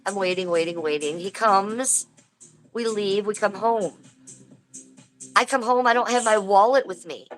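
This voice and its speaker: A woman's voice: medium pitch, fairly even intonation, a little slow, pauses often, faint music behind, rough recording. Woman venting on a livestream. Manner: rambling, venting, greets viewers by name. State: aching tooth. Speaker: livestream host. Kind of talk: casual livestream chat. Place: home. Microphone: phone.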